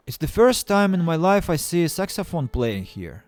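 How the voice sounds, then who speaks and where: Halting man streaming a game. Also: sits high, big pitch swings, creaky, dry recording, faint music behind. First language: Russian. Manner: halting, stammering restarts, playful self-mocking. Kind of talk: casual game-stream chat.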